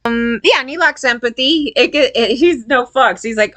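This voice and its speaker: A woman's voice: a little high, moderate pace, few pauses, a bit bright, faint music behind. A woman giving a loose, profane opinion rant to her viewers, often tagging lines with "right?" and acting out quoted people. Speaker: vlogger.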